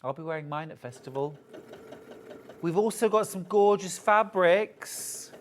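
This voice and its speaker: A man's voice: high-pitched, a little slow, slight background noise. A man presenting a live shopping show, chatting and joking as he gushes over fabrics. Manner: chatty, gushing, jokey. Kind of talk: live sales chat.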